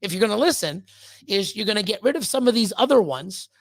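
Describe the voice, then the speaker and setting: A man's voice: sits high, lively intonation, quick pace, dry recording. A man talking as a podcast guest in a blunt, profane rant, often repeating words as he gets worked up. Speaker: podcast guest, snake breeder. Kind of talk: candid ranting conversation.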